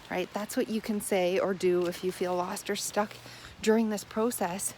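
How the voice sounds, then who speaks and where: An earnest woman speaks straight to her viewers as a healing coach, mid-pitched and encouraging. She stacks repeated phrases for emphasis and drops into a soft, hushed tone when guiding affirmations. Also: moderate pace, background noise. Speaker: self-help healing coach. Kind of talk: talking-to-camera self-help advice.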